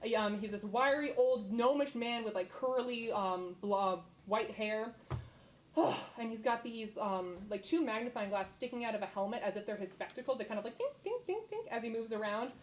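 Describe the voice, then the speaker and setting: A woman's voice: a little high, expressive, moderate pace, poor audio. Chatty woman running a tabletop game. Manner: casual, lots of fillers, laughs easily. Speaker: dungeon master.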